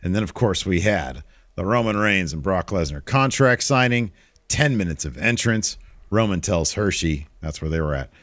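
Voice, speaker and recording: A man co-hosting a wrestling podcast, casually recapping a show with relaxed delivery and frequent fillers. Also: sits low, normal speed, no echo, clean studio sound.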